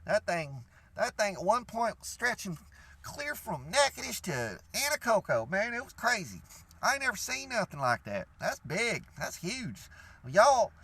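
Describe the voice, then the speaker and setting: A man's voice: high-pitched, very animated, unhurried, pushed and bright, husky. A young man from Louisiana with a Cajun accent, telling a rambling, profane story in a casual rant to his viewers. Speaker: vlogger.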